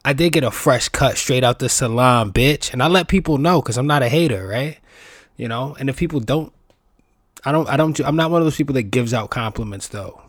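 A man's voice: medium pitch, brisk, no echo, studio quality. A man hosting his own podcast, rambling through a profane, tangent-filled casual monologue. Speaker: podcast host.

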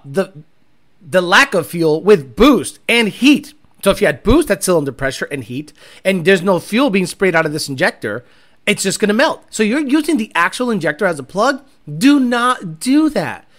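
A man talking casually on a livestream as a performance car tuner, blunt and animated, swearing freely. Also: high-pitched.

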